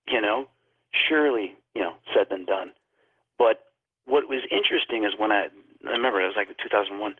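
Husky low man on a phone line. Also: fast talker, no room sound. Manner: animated, acts out quoted dialogue. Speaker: guest. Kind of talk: storytelling in a paranormal talk.

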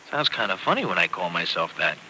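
An actor playing a teasing, affectionate young newlywed husband in a 1940s radio drama, recorded on an old radio transcription. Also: male voice, low voice, sharp tone, a little hiss or hum, full character voice, low-quality recording. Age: young adult. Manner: teasing, quick-joking banter.

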